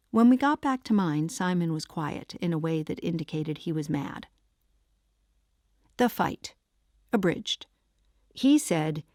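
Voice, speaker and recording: A woman's voice: lowish voice, a little mellow, dry recording, clean studio sound. Wry woman audiobook narrator. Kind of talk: first-person audiobook narration.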